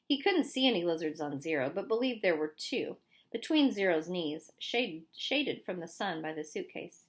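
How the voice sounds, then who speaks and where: A woman reading a novel aloud in a clear, steady storytelling manner. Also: fairly low pitch, moderate pace. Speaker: audiobook reader.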